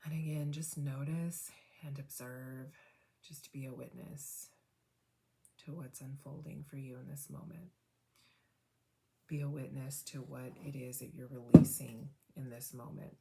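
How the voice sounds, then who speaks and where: Low, gravelly-voiced woman guiding tapping. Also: fairly even intonation, dark tone. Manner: slow, soothing, repeats affirmations, often asks "right?". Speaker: tapping meditation guide. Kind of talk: guided tapping meditation.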